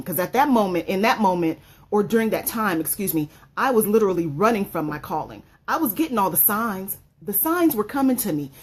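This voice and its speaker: A woman giving an emotional personal testimony as a motivational speaker, repeating phrases for emphasis. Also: medium pitch.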